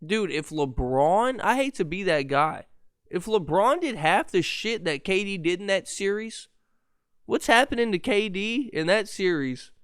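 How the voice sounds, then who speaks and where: Male podcast host, slightly high voice with a lisp and stutter, profane exasperated rant, dry close sound. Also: fairly bright tone, smooth, no room sound. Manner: profane, exasperated ranting with laughs and restarts. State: voice going hoarse.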